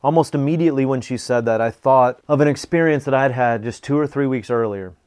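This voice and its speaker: A man's voice: mid-range voice, fairly quick, a little mellow, clean tone. Middle-aged man, motivational talk, earnest, repeats key phrases, personal stories. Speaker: speaker teaching a planning method.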